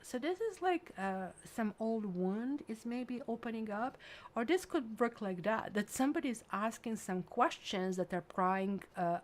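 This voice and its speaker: Woman, accented English, tarot reader, casual, rambling, filler-heavy. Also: mid-range voice. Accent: non-native English accent. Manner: chatty and rambling, with many fillers like "like" and "um". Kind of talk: casual tarot reading monologue.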